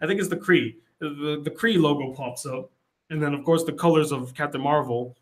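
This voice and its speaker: This young man, a film critic, speaks a little fast in a voice on the high side. Casually walking through a movie scene by scene, he performs the characters' quotes with lively energy.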